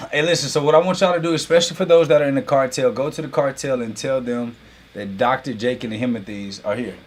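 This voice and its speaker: A man's voice: mid-range voice, fast. Playful hype man teasing his chat. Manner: animated hype, heavy use of y'all. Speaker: host and business coach. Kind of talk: casual livestream class intro.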